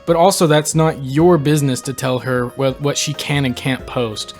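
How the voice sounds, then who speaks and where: A young man hosting a reaction video, reading posts aloud and reacting with animated disbelief. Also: mid-range voice, normal speed, faint music behind. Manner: incredulous, animated, reads quotes aloud and reacts. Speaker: channel host reading posts. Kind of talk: reaction commentary.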